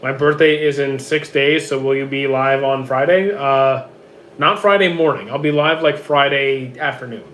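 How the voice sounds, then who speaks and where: A man with a hoarse, worn-out voice reads out viewer questions and answers them offhand in casual livestream chat from home. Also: mid-range voice, normal speed, a bit bright, a little hiss or hum. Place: home with roommates.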